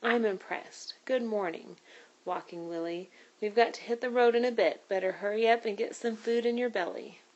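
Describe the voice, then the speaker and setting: A woman's voice: medium pitch, normal speed, darkish tone, lo-fi sound, close to an everyday voice. A woman voicing a joking, teasing older man in a read-aloud storybook. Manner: playful, teasing.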